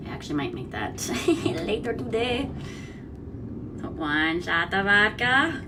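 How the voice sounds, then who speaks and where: A woman's voice: mid-range voice, very animated, slow, noisy background. Chatty, giggly young woman. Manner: chatty and giggly, often trailing off with fillers. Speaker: host of a news and cocktail vlog. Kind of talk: casual chat while mixing a drink.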